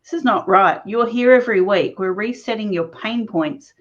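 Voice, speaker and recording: A woman guest recounting her own story in conversation, animated and laughing often as she talks. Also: medium pitch, moderate pace. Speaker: interview guest. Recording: dull lo-fi recording.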